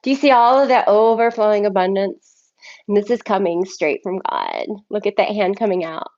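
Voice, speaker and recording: A woman reading tarot cards and channeled messages on a solo live stream, excitable and effusive, often thanking spirit. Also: mid-range voice, normal speed, dull audio. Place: home, by herself.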